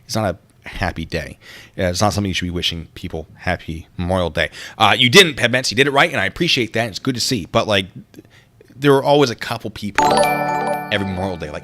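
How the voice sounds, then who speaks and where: A man's voice: fairly low pitch, lively intonation, fast, bright, forceful tone, faint music behind. A man hosting a casual livestream, rambling and easily distracted as he reads out and answers chat comments.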